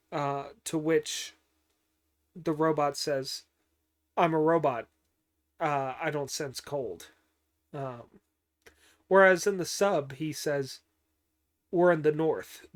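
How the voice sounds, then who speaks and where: Slow-talking man recapping an episode. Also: on the high side. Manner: unhurried, many ums and uhs, dry asides. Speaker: show recapper.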